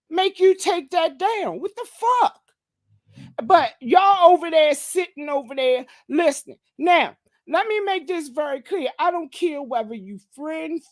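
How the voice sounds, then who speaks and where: Woman, high voice, slow drawl, dry close sound, profane ranting commentary. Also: a little mellow, no echo. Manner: profane, mocking, confrontational, repeats "okay?". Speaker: gossip commentary host.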